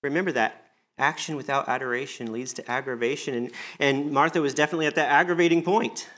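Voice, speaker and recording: A man's voice: fast, a bit bright. Male preacher, mid-range voice, conversational and earnest sermon delivery that voices quotes with lift. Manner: conversational, earnest, often acts out quoted lines with rising pitch. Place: church service.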